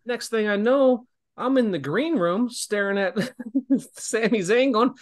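Animated male wrestler telling stories. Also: high-pitched, unhurried. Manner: animated, laughing storyteller who acts out quotes. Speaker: guest wrestler. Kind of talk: casual storytelling.

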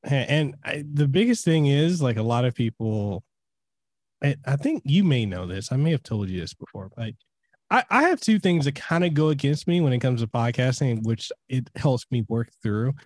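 A man's voice: mid-range voice, very animated, moderate pace, darkish tone, no room sound. A man whose first language is Samoan, hosting a podcast in casual chat, with a stutter and frequent laughs. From Hawaii. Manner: stutters and stammers, laughs often. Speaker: podcast host.

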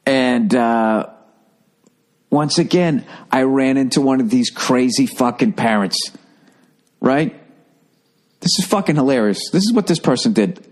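A man's voice: mid-range voice, lively intonation, unhurried, pauses often. A man, ranting casually and profanely as a podcast host at home. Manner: profane, exasperated, mocks others in put-on voices. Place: home room with birds chirping outside.

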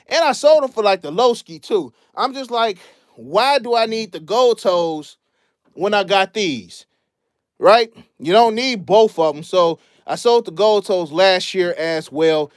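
A young man hosting a casual livestream, chatting in slang about his collection and shouting out viewers who donate. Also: high voice, no echo, studio quality. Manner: laid-back slangy chatter, shouting out donors. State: out of breath. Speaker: sneaker channel host. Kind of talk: casual livestream show-and-tell.

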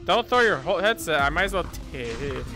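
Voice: mid-range voice, sing-song, normal speed. A live streamer talking through a horror game on a headset mic, swearing freely and shrieking when startled. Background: game music.

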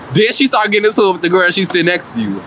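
Sassy, high-voiced man recapping reality TV. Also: brisk, slight background noise. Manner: animated, profane and sassy, laughing often. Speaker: vlogger.

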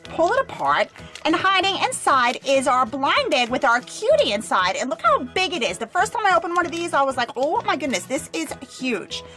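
Bubbly high-voiced woman unboxing toys. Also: a little fast, faint music behind. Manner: bubbly, gushing, excited exclamations. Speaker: toy unboxing host. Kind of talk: upbeat toy unboxing narration.

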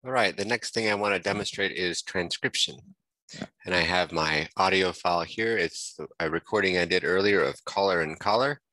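A man with a fairly low but bright, forward voice talks through a software tutorial at his computer. He thinks aloud, restarts phrases and corrects himself as he clicks along. The sound is dry and close, with no room echo. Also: normal speed. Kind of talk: screen-recorded software tutorial.

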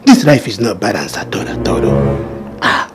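A man's voice: fairly low pitch, big pitch swings, moderate pace, over music. A man playing a mocking Nigerian friend. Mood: teasing. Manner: teasing, mixes pidgin with English. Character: mocking skeptical friend, envious and sly. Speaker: comic skit actor. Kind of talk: comedy skit acting.

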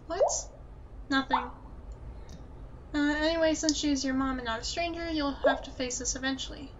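Gentle supportive friend, read by a woman; reassuring tone, high pitch, dull recording. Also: fairly even intonation, moderate pace, slight background noise, lightly acted.

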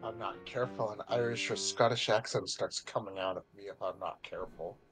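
A man's voice: on the low side, brisk, fairly bright tone, soft background music. A man talking casually in a dry, matter-of-fact way. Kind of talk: casual chat.

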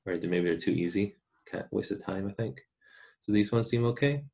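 A man with a lilt teaches a recorded online Spanish lesson. His voice sits low and carries a gravelly fry. He talks to his students in a casual, chatty way. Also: moderate pace, darkish tone.

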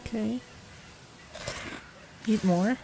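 A woman's voice: mid-range voice, very slow, creaky, mellow, a little hiss or hum. A woman giving casual running commentary on her own gameplay, talking to herself, jumpy and given to swearing. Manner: jumpy, swearing, talks to herself while playing. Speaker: gaming channel host.

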